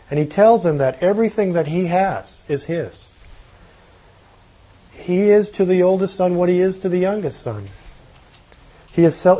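A man's voice: fairly high pitch, mellow, husky, rough recording. A man preaching a sermon, reading a scripture passage aloud and then explaining it in plain, conversational terms. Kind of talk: sermon teaching on a parable.

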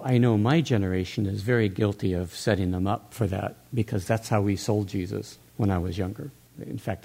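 A man's voice: on the low side, warm tone. An older man talking earnestly in a church discussion, musing aloud with restarts.

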